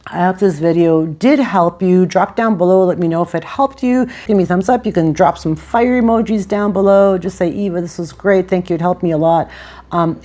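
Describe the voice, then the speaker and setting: A woman's voice: medium pitch, a little mellow. A woman in her sixties talking straight to her viewers in a casual vlog, passionate, rambling and effusive. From Italian heritage. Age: 60s. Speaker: lifestyle vlogger. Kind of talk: casual talk to camera.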